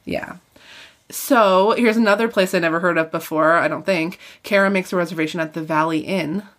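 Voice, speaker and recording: A woman co-hosting a podcast, chatting casually about a book and retelling its plot in an animated, chatty way. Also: on the low side, moderate pace. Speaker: podcast co-host.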